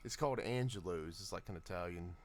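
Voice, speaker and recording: A man's voice: low voice, brisk, a loud crowd. Rambling laid-back male podcast host. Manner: laid-back, rambling storyteller with many fillers. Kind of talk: casual chat.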